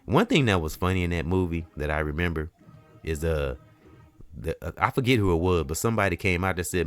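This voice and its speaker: Host, male, very low voice, rambling preachy spiritual monologue. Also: expressive, fairly quick, no echo. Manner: preachy, loose and repetitive, many "you know"s. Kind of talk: casual spiritual talk.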